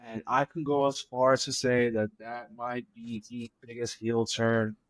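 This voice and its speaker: A man joining a podcast as a guest, talking in a measured, enthusiastic way with many fillers. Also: mid-range voice, level tone, dry recording. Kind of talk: casual chat.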